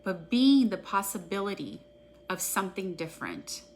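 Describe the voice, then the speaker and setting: A woman practitioner guiding an EFT tapping session, speaking in an earnest, gentle, affirming way. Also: medium pitch, sing-song, normal speed, a little hiss or hum.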